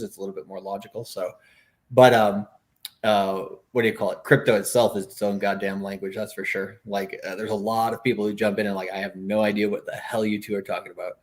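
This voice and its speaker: A man co-hosting a casual crypto chat, relaxed and rambling, leaning on fillers. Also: fairly low pitch. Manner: relaxed, rambling, fillers like "what do you call it". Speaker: co-host.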